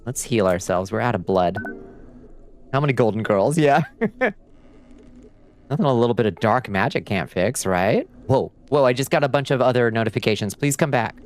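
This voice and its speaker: A man chatting casually and swearing often while livestreaming a game, reacting loudly and talking to his chat. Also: medium pitch, moderate pace. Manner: profane, excitable, chatty with chat. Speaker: streamer.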